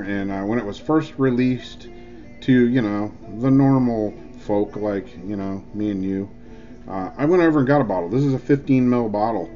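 A man's voice: fairly low pitch, a little mellow. Dude rambling and joking on his vlog, lots of uhs, kinda dull lo-fi audio with faint music. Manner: rambling, jokey, filler-heavy. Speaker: e-juice reviewer. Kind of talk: casual vlog review.

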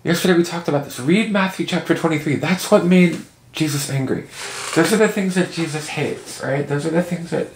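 A man with a fairly high voice talks fairly quickly as he delivers a casual Bible teaching video from his home. His tone is earnest and conversational, and the indoor recording is echoey with faint noise.

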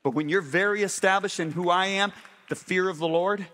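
A middle-aged man preaching a sermon, animated and often asking the congregation if they follow him. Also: high voice, brisk.

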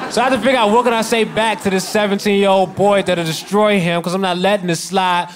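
Brief: higher-voiced man comic, blunt and petty, crowd and room noise around. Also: fairly even intonation, fast talker, few pauses. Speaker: stand-up comedian. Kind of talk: stand-up set. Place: comedy club stage. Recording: live stage set with crowd and room noise.

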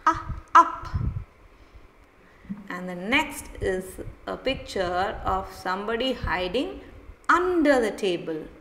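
A woman teacher, slowly sounding out and repeating words in a phonics lesson for young children. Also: medium pitch, sing-song, pushed and bright, slight background noise. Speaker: primary school teacher. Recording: echoey room.

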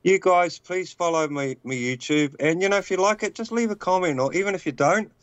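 A man's voice: sits high, fairly quick, clean tone, dry recording, highs cut off. A man with a New Zealand accent, calling into a show and talking casually, blunt and rambling in his opinions. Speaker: guest caller. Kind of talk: casual call-in chat.

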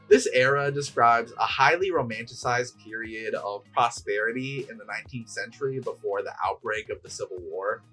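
A man's voice: medium pitch, normal speed, hardly any pauses, slightly rough, faint music behind. A man hosting a channel, narrating a scripted video essay. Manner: lively, explanatory. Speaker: YouTube host.

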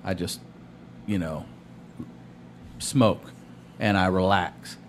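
A man in casual podcast chat, laid-back and quick to laugh. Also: deep voice, fairly even intonation, a little hiss or hum. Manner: laid-back, laughs along, asks short questions.

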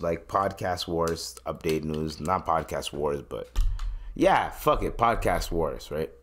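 A man's voice: low-pitched, fairly bright tone. A man hosting a solo podcast, talking in a loose, profane, joking way. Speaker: podcast host.

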